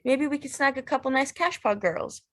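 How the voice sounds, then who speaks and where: A woman reading the quoted lines of a restless, teasing young man, raising her voice higher and louder and insisting. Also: normal speed.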